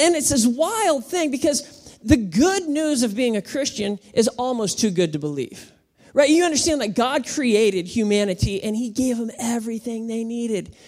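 Woman, pastor, sermon, animated, call-and-response with congregation. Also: fairly high pitch. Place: church auditorium with congregation.

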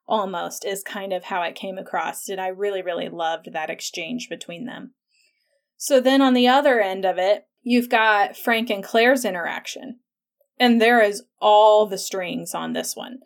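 A woman hosts a casual podcast, talking through an episode in an easygoing, animated way. She leans on "like" as a filler and laughs lightly as she goes. Her voice sits at an ordinary middle pitch. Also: unhurried. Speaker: podcast host.

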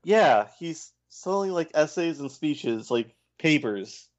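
A man's voice: fairly high pitch, lively intonation, takes it slowly, no room sound, highs cut off. A man in casual podcast chat, dry and blunt, correcting the others. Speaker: podcast co-host.

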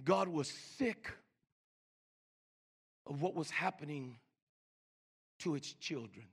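An older man preaching a sermon, stammering and repeating words, swinging from loud emphasis to hushed slow lines. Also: a little high, expressive, gravelly, breathy edge. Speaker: pastor.

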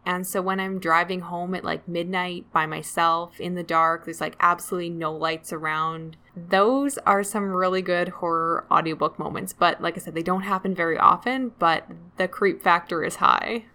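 A woman's voice: fairly low pitch, fairly even intonation, normal speed, hardly any pauses, pushed and bright. A woman co-hosting a book podcast, talking in a chatty, self-deprecating way and laughing often. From Canada. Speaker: podcast co-host. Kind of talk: casual book chat.

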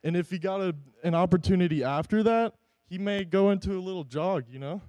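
A man's voice: high voice, a little fast, dark tone, no echo, low-quality recording. A man giving an earnest, encouraging church devotional talk. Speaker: devotional speaker.

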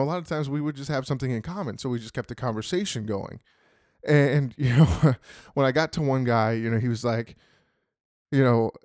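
A man's voice: mid-range voice, a little mellow, no echo, studio quality. A man giving a casual motivational talk as a sales team leader, speaking conversationally with many "you know" fillers.

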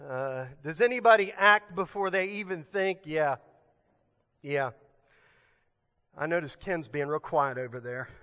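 A man's voice: on the high side, measured pace, long pauses, pushed and bright, big-room sound, lo-fi sound. A male pastor preaching a sermon in a conversational, emphatic way, often restarting his sentences.

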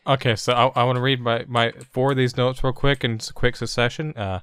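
A man chatting excitably as a podcast co-host, reading his notes aloud. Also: mid-range voice, fairly quick, hardly any pauses, clear, resonant tone, no room sound, studio quality. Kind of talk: casual chat.

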